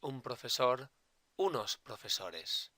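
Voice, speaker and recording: Slow, bright-voiced male language teacher. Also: medium pitch, very animated, dry recording. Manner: slow, deliberate, repeats and spells out each example; mixes Spanish words into English explanations. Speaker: Spanish teacher. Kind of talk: explaining Spanish grammar to learners.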